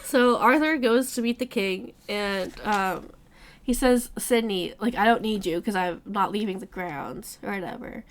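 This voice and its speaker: A woman's voice: mid-range voice, measured pace, slight background noise. Woman, book club host, casual recap, acts out quoted lines, swears freely.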